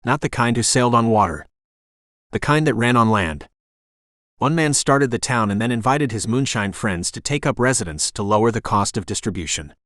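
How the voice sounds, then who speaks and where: A man voicing an energetic older woman innkeeper in her sixties with a faint Jamaican accent, reading an audiobook. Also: medium pitch, moderate pace, dry recording, studio quality, lightly acted. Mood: chatty.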